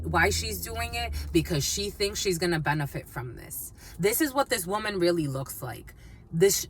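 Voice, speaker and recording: A woman's voice: on the low side, fairly bright tone, slight background noise. A woman giving a channeled tarot reading, blunt and emphatic, swearing freely and repeating phrases. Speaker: tarot reader.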